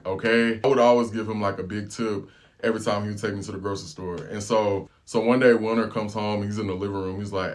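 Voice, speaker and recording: A man telling a casual story as a travel vlogger, animated and full of slang. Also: lowish voice, fairly quick.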